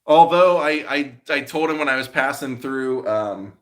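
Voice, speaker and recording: A man's voice: medium pitch, moderate pace, a bit bright. A man hosting a live stream as a vlogger. He chats casually with his viewers and tells meandering stories, full of restarts and fillers. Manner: rambling storyteller with many restarts and fillers.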